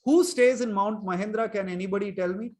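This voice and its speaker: A man's voice: high voice, a little fast, darkish tone. A man telling a story to children in an online class, chuckling and quizzing them. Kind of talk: storytelling lesson for kids online.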